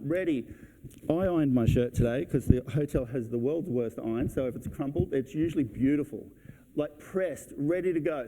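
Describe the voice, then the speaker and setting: A man giving a conference talk to fellow real estate agents, brisk and blunt, acting out his client conversations. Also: fairly high pitch, warm tone. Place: event hall.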